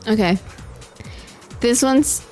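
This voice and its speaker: A young woman with a fairly high voice chats casually over her gameplay, tired at a late hour. She pleads and sighs in exasperation and laughs often, and faint music plays under her voice. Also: slow pace, mellow. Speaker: gaming vlogger.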